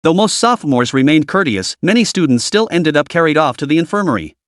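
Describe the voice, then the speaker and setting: A man narrating a fantasy story recap in a steady, dramatic storytelling manner. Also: on the high side, fairly quick, dry recording, studio quality.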